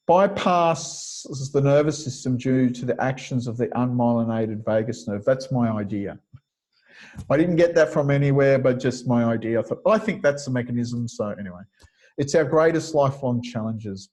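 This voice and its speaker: A man's voice: medium pitch, a little mellow, low-quality recording. A man teaching a webinar lecture over a video call, explaining step by step and thinking aloud with frequent fillers. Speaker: kinesiology teacher.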